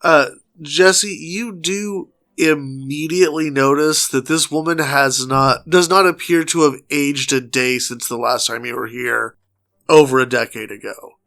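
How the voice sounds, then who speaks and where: A man's voice: a little high, unhurried, fairly bright tone. A man from Texas, running a tabletop game as game master in a playful, laughing way.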